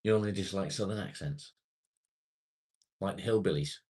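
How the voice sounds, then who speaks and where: A man's voice: deep voice, normal speed, darkish tone. A British man chatting casually and rambling to viewers on a livestream, swearing now and then. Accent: British English. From England. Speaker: live streamer.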